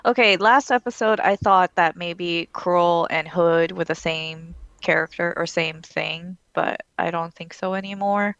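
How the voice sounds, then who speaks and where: A woman's voice: fairly low pitch, a little slow, hardly any pauses, a bit bright, no room sound, muffled recording. A woman co-hosting a casual book podcast, thinking aloud and often restarting her sentences. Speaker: podcast co-host. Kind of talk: casual book-club chat.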